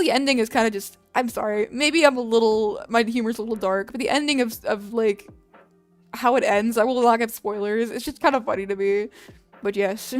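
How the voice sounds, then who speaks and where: A young woman streamer chatting casually with viewers, rambling with lots of fillers and frequent laughs. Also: fairly high pitch. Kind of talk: casual chat.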